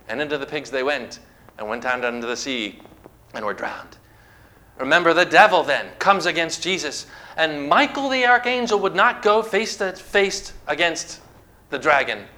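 A male preacher delivers a sermon in an emphatic, declamatory way. His voice is bright and forceful, sitting a little high for a man. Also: big pitch swings, normal speed. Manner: emphatic, declamatory preaching, reading scripture aloud.

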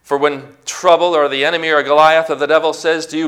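A male pastor delivering a sermon with a bright, forceful voice pitched a little above the usual. He preaches emphatically, building to near-shouts as he drives his points home. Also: little pitch movement, fairly quick, few pauses.

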